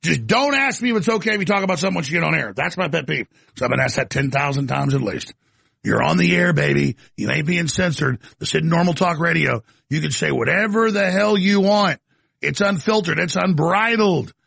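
A man hosting a talk radio show, brash and hammering, repeating phrases for emphasis in a gravelly, raspy voice. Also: a little high, expressive, a little fast, fairly bright tone, no room sound. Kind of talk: fast call-in radio monologue.

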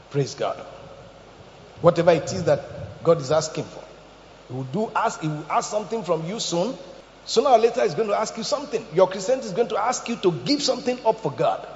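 A man preaching a sermon in an animated way, shouting out quotes and laughing along with the room. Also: high voice, a little hiss or hum. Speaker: pastor. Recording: echoey hall, dull lo-fi sound.

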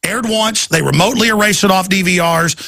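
A man's voice: sits high, a little fast, vocal fry, pushed and bright, dry recording. A man hosting a talk show, delivering a heated, emphatic and urgent radio monologue.

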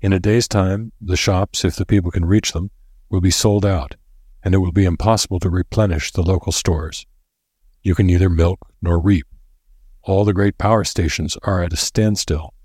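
A man voicing a grim, solemn old professor with a deliberate way of speaking, in a read-aloud story. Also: sits low, fairly even intonation, darkish tone, husky, no room sound, clean studio sound.

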